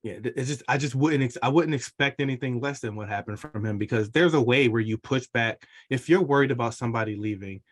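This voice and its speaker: Male podcast co-host, mid pitch, relaxed and explanatory. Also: fast, few pauses. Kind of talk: casual chat.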